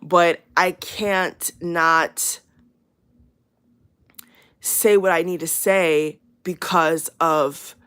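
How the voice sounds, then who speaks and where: A woman with a fairly low voice talks straight to her viewers in an unscripted, rambling way. She circles back on her words and leans on fillers, but stays emphatic and earnest. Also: fairly even intonation, drawn-out words, long pauses, fairly bright tone, smooth. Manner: rambling, repeats herself, many fillers. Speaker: channel host. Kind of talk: casual spoken warning to viewers.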